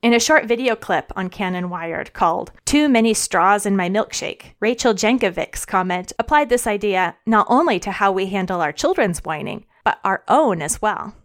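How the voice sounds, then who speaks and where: A woman's voice: medium pitch, animated, normal speed, hardly any pauses. A middle-aged woman reading her audio blog as a podcast host, cheerful and earnest.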